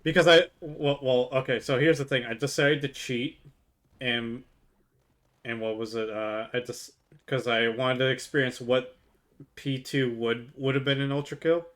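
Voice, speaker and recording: A man's voice: medium pitch, fairly even intonation, moderate pace, a bit bright. A man streaming live while drinking, chatting casually to his chat, laughing often, swearing and rambling with many restarts. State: drunk.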